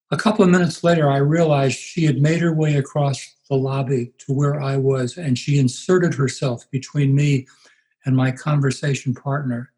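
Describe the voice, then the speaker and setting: Guy in his 80s, pastor telling slow stories in an interview, average pitch. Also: a little mellow, low-quality recording. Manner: unhurried, anecdotal, puts on voices for quoted people. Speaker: guest, pastor. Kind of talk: reflective interview storytelling.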